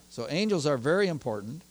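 Animated preaching man, somewhat high voice. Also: brisk. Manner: animated, grows excited when telling stories. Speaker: pastor. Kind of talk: sermon with personal storytelling.

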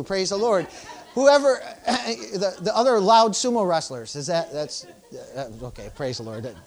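Speaking in a mid-range voice, a pastor preaches a loose, informal sermon. Phrases like "hallelujah" and "praise the Lord" pepper the talk, and the congregation is urged on with emphasis.

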